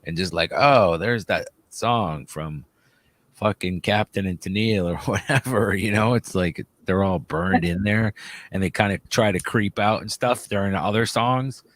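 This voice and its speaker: A man's voice: on the low side, moderate pace, a bit bright, no echo. A man co-hosting a livestream, chatting casually, swearing and laughing often. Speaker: livestream co-host. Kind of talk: casual chat.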